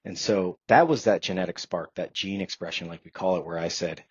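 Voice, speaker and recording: Low husky-voiced man telling his story. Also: fairly quick, dry recording. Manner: earnest, reflective, filler-heavy storytelling. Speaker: podcast guest. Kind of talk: personal storytelling in a podcast interview. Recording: dry, slightly dull podcast audio.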